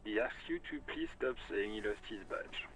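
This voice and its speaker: A man's voice: fairly low pitch, lively intonation, normal speed, a bit bright, soft background music, poor audio. An actor playing a male police radio dispatcher in a video game, speaking in dry, formal radio talk.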